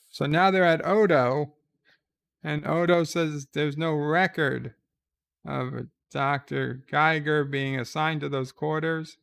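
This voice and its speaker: A man giving live reaction commentary, retelling a TV episode in a slow, relaxed way with fillers. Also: on the high side, creaky, no echo.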